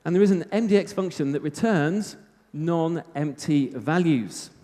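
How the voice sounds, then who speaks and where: A man's voice: on the high side, a little slow, warm tone. A British man giving a live technical talk at a conference, chatty with self-mocking humor. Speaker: conference speaker. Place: conference hall. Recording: reverberant hall.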